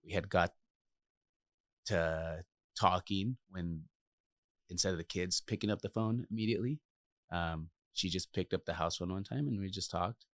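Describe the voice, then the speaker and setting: Very deep-voiced man telling his story. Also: no room sound. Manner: reflective, halting, many fillers and restarts. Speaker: podcast guest. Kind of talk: personal storytelling in an interview.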